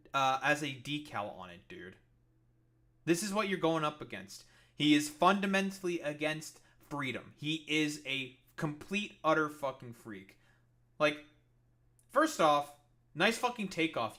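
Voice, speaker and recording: Profane, ranting man, bright voice. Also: a little high. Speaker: streamer commentating on news clips. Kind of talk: casual political commentary.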